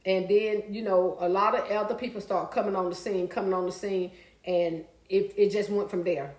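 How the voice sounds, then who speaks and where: A woman's voice: mid-range voice, steady tone, moderate pace, a little mellow, roomy sound. A woman hosting a casual live stream. She reads out viewer comments, talks back to them, and now and then breaks into song and laughter. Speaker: livestream host reading viewer comments.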